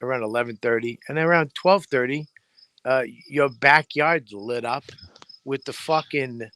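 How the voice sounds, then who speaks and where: A man co-hosting a podcast in casual chat, a profane, animated storyteller who acts out noises. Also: mid-range voice, moderate pace, clean tone, no room sound. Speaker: podcast co-host. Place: home in New Hampshire, crickets behind.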